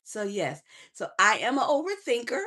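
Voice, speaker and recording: A middle-aged woman, a transformational coach, giving a lively motivational live stream, preaching and calling viewers honey and baby. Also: a little high, normal speed, husky. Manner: preachy, warm endearments to viewers; chatty, laughs often.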